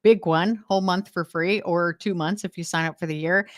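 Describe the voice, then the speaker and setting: A woman's voice: on the low side, fairly even intonation, normal speed, no echo, clean studio sound. Bubbly Canadian woman hosting a livestream. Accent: Canadian English. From Western Canada. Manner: bubbly, enthusiastic, laughs often. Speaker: host of a decluttering livestream. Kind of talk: casual live-stream chat with viewers.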